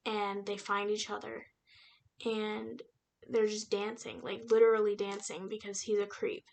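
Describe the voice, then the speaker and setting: A young woman casually retelling a novel's plot in a chatty, slangy book review vlog, with lots of fillers. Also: mid-range voice. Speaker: book reviewer and aspiring writer.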